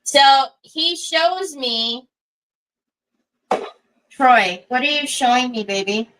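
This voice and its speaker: Middle-aged woman, slow chatty crafter, bright tone, higher voice. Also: rough recording. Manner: rambling, chatty storytelling with many asides; soothing baby talk to a small child. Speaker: craft livestream host. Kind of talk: casual chat while crafting.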